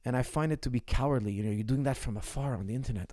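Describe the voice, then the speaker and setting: A man's voice: mid-range voice, very fast, hardly any pauses, mellow, no room sound, clean studio sound. A man in his forties, a martial arts coach answering viewer questions in a casual livestream, blunt and emphatic, repeating his key points. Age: 40s.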